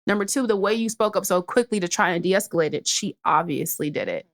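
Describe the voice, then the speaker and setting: With a lowish voice and a fairly quick delivery, a young woman co-hosting a podcast tells a brash story. She keeps it casual and acts out the lines people said.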